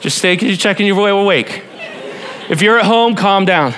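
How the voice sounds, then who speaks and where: A man preaching a sermon to a church congregation, animated and playful, talking straight to the people in front of him. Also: high-pitched, normal speed, a faint crowd, slight background noise. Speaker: pastor.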